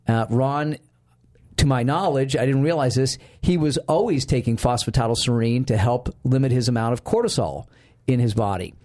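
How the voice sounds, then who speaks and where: Male podcast host, casual chat, mid-pitched, lively storyteller who acts out quotes. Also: normal speed.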